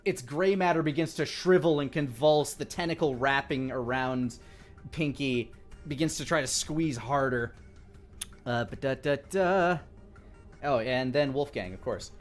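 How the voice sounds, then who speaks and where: A man running a tabletop role-playing game as dungeon master, narrating scenes in a relaxed, descriptive way with playful sound-effect noises. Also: medium pitch, moderate pace, faint music behind.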